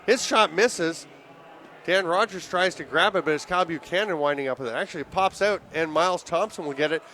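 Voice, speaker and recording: A man calling live lacrosse play-by-play in rapid, excitable bursts that rise on goals, his voice worn and giving out. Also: a little high, a little hiss or hum. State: voice giving out, throat clearing. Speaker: play-by-play commentator.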